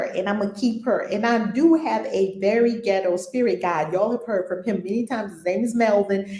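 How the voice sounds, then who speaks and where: A woman's voice: mid-range voice, darkish tone, echoey room. A woman hosting a casual spiritual discussion, frank and slangy, often laughing. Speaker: spiritual teacher and host.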